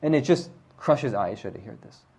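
A man's voice: fairly low pitch, expressive, normal speed, a little mellow, husky. Man retelling a story in a lesson. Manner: conversational, often adds "right?" to check with listeners. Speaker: religious teacher.

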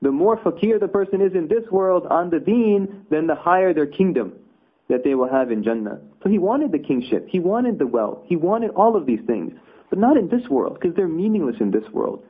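A man's voice: sits high, very animated, moderate pace, husky. A man teaching a conversational religious lesson, explaining with rhetorical asides. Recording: tinny phone-like audio.

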